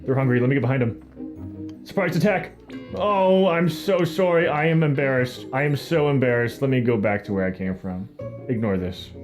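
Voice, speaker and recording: A young man from Canada streams a video game live, talking through it in an animated, self-mocking way. His voice sits at an ordinary middle pitch. Game music plays faintly behind him. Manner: animated, self-mocking, jokey running commentary. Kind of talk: live gameplay commentary.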